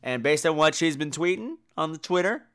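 Campy podcast host, man, bright voice, lively swooping pitch, profane comic rant. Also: brisk, clean tone. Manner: campy, profane, acts out quoted people. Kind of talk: comedic rant.

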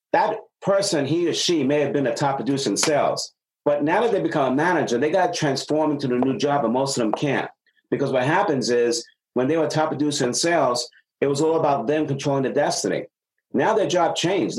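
A middle-aged man, a sales consultant being interviewed on a podcast, explaining ideas and acting out stories with lively dialogue. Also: a little high, rough recording. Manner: animated storyteller, acts out dialogue.

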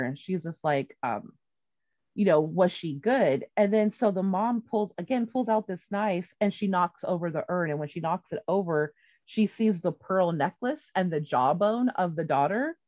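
A woman's voice: lowish voice, animated, normal speed, darkish tone, no echo, lo-fi sound. A woman retelling a story in casual chat, rambling and swearing freely, with many fillers and restarts.

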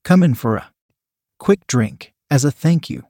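A man's voice: mid-range voice, expressive, unhurried, warm tone, no room sound, clean studio sound. A man voicing a nervous young man caught off guard, hesitant and stumbling over fillers. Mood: flustered.

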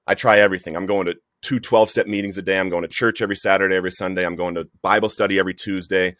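A man's voice: sits low, fairly even intonation, very fast, fairly bright tone, no echo, clean studio sound. A man giving an earnest, emotional personal testimony in conversation, often calling the listener "bro". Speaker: guest sharing recovery story.

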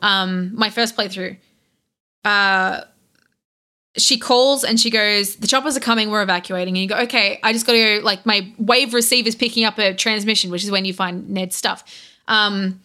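A young Australian woman chatting casually on a podcast, animated and laughing, acting out characters' lines as she retells a game. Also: mid-range voice. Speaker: podcast guest.

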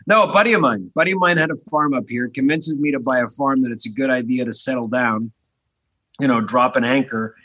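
A man's voice: medium pitch, a little fast, a bit bright, husky. A man in his forties from Philadelphia, telling stories casually and animatedly in an interview, with lots of restarts and the odd swear word. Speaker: podcast guest, spirits entrepreneur.

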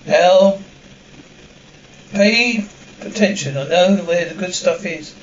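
An actress playing a blunt, sarcastic young waitress in sitcom acting. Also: female voice, fairly low pitch, slow, far from the mic. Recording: dull roomy TV audio from afar.

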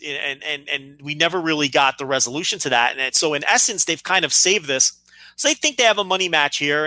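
A man co-hosts a wrestling podcast, chatting casually and rambling, repeating words while he gathers his thoughts. His voice is on the high side with a sharp tone, and there's no echo.

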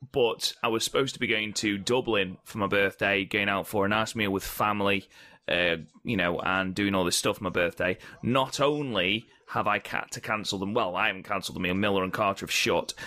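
A man's voice: on the low side, pushed and bright. A man of thirty co-hosting a casual podcast chat, sarcastic and joking. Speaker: podcast co-host. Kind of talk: casual chat watching wrestling.

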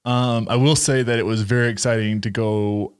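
A man co-hosting a podcast in a relaxed, encouraging way, asking questions and giving short replies. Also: mid-range voice, normal speed, smooth. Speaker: podcast co-host. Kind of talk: casual chat.

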